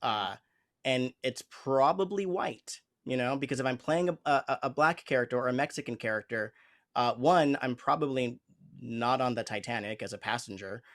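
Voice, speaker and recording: A man's voice: mid-range voice, normal speed, a bit bright. A man hosting an interview who talks in an earnest, reflective way, often searching for his words as he explains his thoughts as an improv teacher. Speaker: host. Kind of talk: conversational interview.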